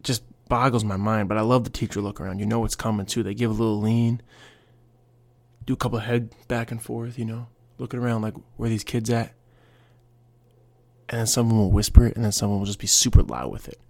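A man's voice: fairly low pitch, level tone, quick pace, gravelly, darkish tone, no echo. A young man hosting a casual solo podcast, rambling through stories with quoted voices and asides. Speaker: podcast host.

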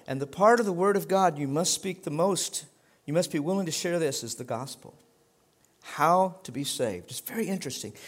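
A middle-aged male pastor preaching a sermon in a conversational way that swells into emphatic exhortation. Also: a little high.

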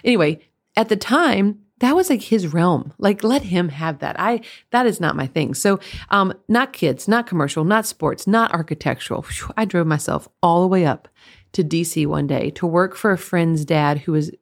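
A young adult woman hosting a podcast, talking through her photography business in a chatty, animated way with quick asides. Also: fairly low pitch. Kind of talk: casual solo podcast talk.

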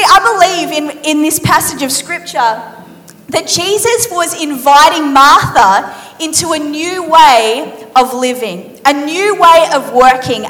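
A woman preacher giving a sermon in a lively, conversational, playful storytelling manner. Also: high-pitched. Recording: reverberant hall.

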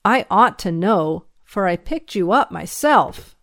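A woman's voice: mid-range voice, lively intonation, slow, dry recording, studio quality. A woman voicing a folksy country sheriff. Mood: gruff scolding. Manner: folksy drawl. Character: rough-spoken male country sheriff, gruff but fatherly.

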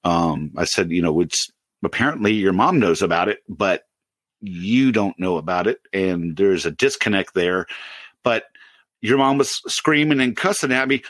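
A man in his forties on a podcast, casually telling a workplace story with lively laughs and put-on voices. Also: on the low side, moderate pace, no room sound. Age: 40s. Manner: animated storyteller, loud impressions and laughter. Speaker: podcast co-host.

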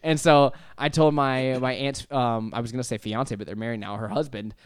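A young man hosting a casual podcast, telling stories with lots of laughs and animated voices. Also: medium pitch, brisk, clear, resonant tone, dry recording, studio quality. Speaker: podcast host. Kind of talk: casual chat. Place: apartment.

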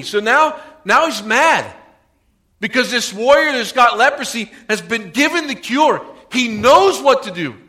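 Man, pastor, sermon, bright forceful tone, dramatized quotes. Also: very high-pitched, animated, unhurried. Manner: preaching with dramatized quotes, swings from soft to loud.

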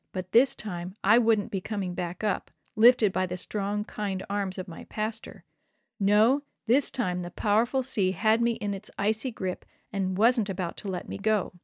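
Dry, expressive woman storyteller. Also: mid-range voice, no echo. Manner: expressive, dramatic reading that lifts sharply for quoted shouts. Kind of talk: scripted first-person story reading.

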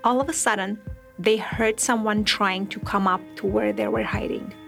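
A woman hosting a podcast, telling a true story in measured, reflective scripted narration. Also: mid-range voice, steady tone, vocal fry, a bit bright, faint music behind.

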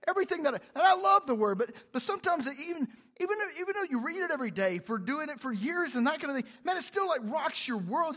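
A male pastor giving an animated, conversational sermon in a church, drawing the congregation into call-and-response. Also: very high-pitched, brisk. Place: church sanctuary.

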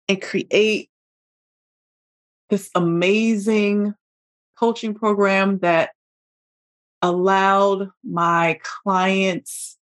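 A woman hosting a motivational podcast, talking heartfelt and emotional, calling her listeners y'all as she coaches them. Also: mid-range voice. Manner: heartfelt, emotional, slow deliberate emphasis. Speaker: podcast host and business coach.

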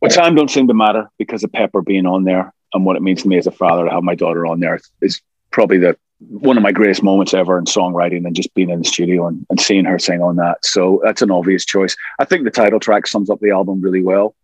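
Speaking quickly in a low voice, a Scottish rock singer in middle age recounts stories in an easygoing interview. He's an animated teller who acts out the quotes. There's no room sound at all.

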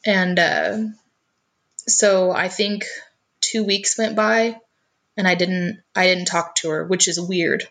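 Earnest woman with a lowish voice. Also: steady tone, slow pace, a bit bright. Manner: earnest, often repeats her first words. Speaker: guest telling her life story. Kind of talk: personal storytelling in conversation.

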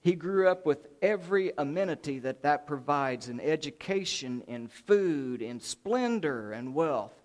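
A man preaching a sermon, telling Bible stories in an animated way and stretching out key words for emphasis. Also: a little high, a little slow, hardly any pauses. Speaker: pastor.

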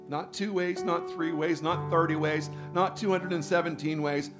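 A male pastor preaching a sermon, reading scripture and building to emphatic, loud peaks. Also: on the high side, fairly even intonation, moderate pace, hardly any pauses, over music.

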